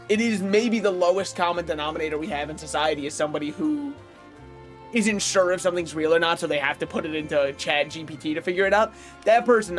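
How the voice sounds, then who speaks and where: Man on a casual game stream; higher-pitched, opinionated rambler who laughs at his own asides. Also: fairly bright tone. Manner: opinionated, rambling, chuckles often. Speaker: gaming streamer. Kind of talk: casual livestream chat while playing.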